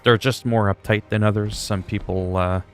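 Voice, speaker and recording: A man's voice: lowish voice, fairly even intonation, moderate pace, faint music behind. A man chatting casually on a game livestream, rambling and swearing freely. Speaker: game streamer.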